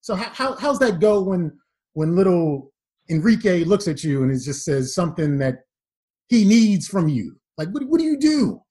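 A man telling a story in casual chat, slangy and animated, acting out the lines he quotes. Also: high voice, normal speed.

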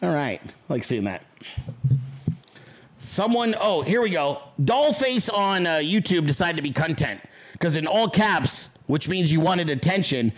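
High-pitched sarcastic ranting man. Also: sing-song, a little slow, rough recording. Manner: sarcastic, mocking, ranting at chat. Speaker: livestream host. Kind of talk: profane livestream rant.

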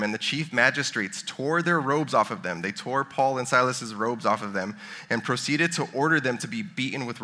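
A man's voice: medium pitch, sharp tone. A man in his thirties giving a casual sermon, chatting and joking with the congregation. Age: 30s. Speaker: pastor.

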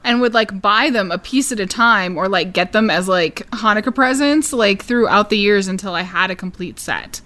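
A woman's voice: medium pitch, moderate pace, few pauses, bright, forceful tone. A woman co-hosting a casual podcast, giggling often and talking with many fillers as she recaps a TV show. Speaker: podcast co-host.

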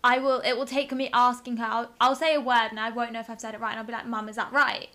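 Young english woman, high bright voice, friendly casual chat. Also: fairly even intonation, quick pace. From England. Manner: friendly, agreeable, frequent backchannels.

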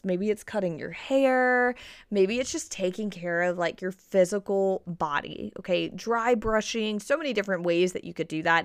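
A chatty body-confidence coach with a smooth, medium-pitched voice talks casually on a motivational podcast. She keeps checking in with listeners ("right?", "okay?") and repeats key points for emphasis. The sound is clean studio audio with no echo.

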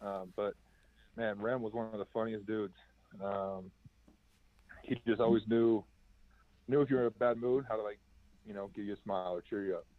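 A young ex-athlete guest, formerly a college basketball player, gives casual interview answers through a dry, tinny call line. His fairly low, steady voice moves at normal speed with frequent pauses, and his storytelling is easygoing and rambling with many fillers.

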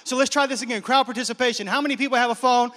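Male pastor, 30s, from Nigeria, high voice, quick delivery, preaching in a reverberant hall. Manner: lively, joking, engages the crowd. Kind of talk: sermon. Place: large hall with live congregation.

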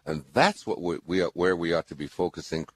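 A man's voice: sits low, brisk, dry recording. An older man hosting a radio call-in, giving spiritual advice in an earnest, rambling way, with many restarts. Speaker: radio show host.

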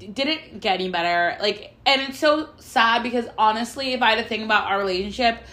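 A woman's voice: a little high, fairly quick, bright, forceful tone. A young woman hosting a casual chat, telling a personal story bluntly, swearing often and acting out what others said. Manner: candid storytelling with frequent swearing and quoted dialogue. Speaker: podcast host.

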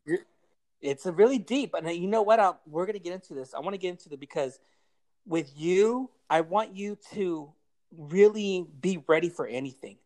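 A man's voice: high-pitched, moderate pace, a little mellow. A man on a podcast giving a blunt, heavily profane pep talk in casual chat. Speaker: podcast guest giving advice.

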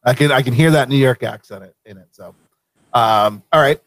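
A man from Vermont hosting a casual live show, easygoing and quick to laugh. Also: medium pitch, no room sound. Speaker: show host.

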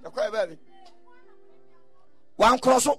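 A man preaches a sermon in a very high, bright and slightly husky voice. He tells stories and keeps bursting into loud shouted lines. The recording is dry and close, with faint music behind him. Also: expressive, fast talker, dry recording. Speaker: pastor.

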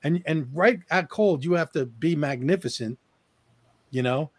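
Higher-voiced man eagerly spinning a yarn. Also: measured pace, no echo, clean studio sound. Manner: eager storyteller with frequent repeated restarts. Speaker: actor. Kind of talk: casual podcast chat.

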